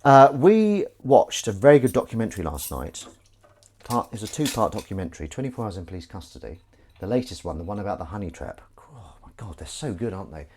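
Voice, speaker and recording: Very animated and a little fast, a man with a lowish, darkish-toned voice chats casually on a live stream. He's washing up in his home kitchen amid clinking dishes and pans, rambling and poking fun at himself.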